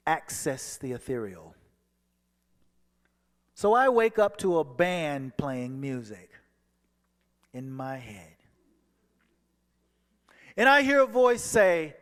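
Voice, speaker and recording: A man giving a personal testimony as a guest speaker, telling his story and acting out the dialogue, moving from hushed passages to soaring ones. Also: fairly high pitch, big pitch swings, slow pace, pauses often. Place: church sanctuary. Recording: long hall reverb.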